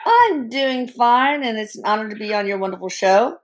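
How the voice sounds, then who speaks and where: A middle-aged woman tells her story as an interview guest, candid and animated. She speaks frankly and breaks in with blunt humor. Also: a little high, moderate pace. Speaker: guest, bereaved mother and physician.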